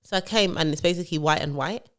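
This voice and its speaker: A woman's voice: fairly low pitch, fast talker. A woman co-hosting a podcast, telling stories animatedly and acting out what others said. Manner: animated storyteller acting out quotes. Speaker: podcast co-host. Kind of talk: casual chat.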